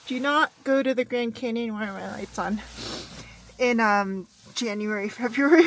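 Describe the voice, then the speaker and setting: A woman talking straight into her handheld phone camera in a loose, casual vlog. She is chatty and exclamatory and swears freely, and her voice sits a bit higher than most women's. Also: lively intonation, normal speed, fairly bright tone. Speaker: travel vlogger. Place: inside a car and outdoors at canyon viewpoints.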